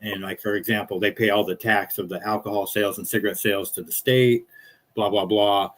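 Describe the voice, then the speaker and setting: Easygoing low-voiced man chatting. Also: fairly even intonation, a little fast, fairly bright tone. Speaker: podcast host. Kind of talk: casual chat.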